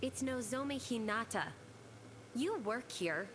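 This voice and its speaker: An actress playing a brisk, sensible teenage student council president who scolds matter-of-factly in a video game. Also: female voice, a little high, expressive, fairly bright tone, a little hiss or hum.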